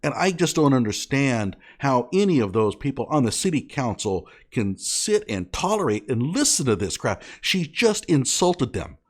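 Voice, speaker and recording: A man's voice: medium pitch, very animated, moderate pace, hardly any pauses. A man delivering an indignant, sarcastic commentary rant, scolding as he talks. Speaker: online commentator.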